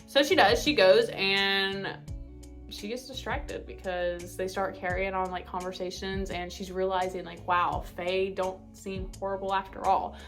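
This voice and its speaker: Faint music plays beneath this casual chat from a young book vlogger in her twenties. Her mid-range voice is bubbly and full of fillers, and when she gets worked up she gushes and talks faster.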